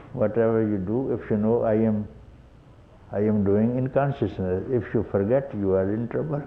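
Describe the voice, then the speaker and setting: Speaking at a moderate pace in a lowish, gravelly voice, an older spiritual teacher with an Indian English accent delivers a satsang talk. He chuckles frequently and asks rhetorical questions, captured on a tinny old tape carrying faint hiss.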